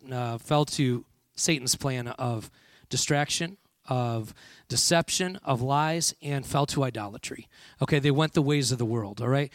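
A man's voice: medium pitch, no echo, clean studio sound. A man preaching a sermon to a congregation, with frequent call-and-response and "all right" checks. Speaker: pastor.

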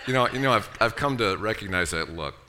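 A man's voice: on the low side, expressive, a little fast, a crowd in the background. A middle-aged man preaching a sermon in a conversational, joking way, often asking the congregation questions. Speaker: pastor.

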